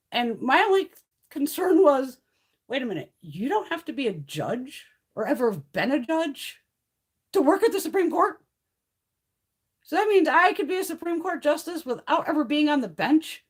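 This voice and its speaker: A woman in her fifties chatting casually on a live stream, blunt, profane and animated. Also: sits high, normal speed, breathy edge. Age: 50s. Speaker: beauty livestream host.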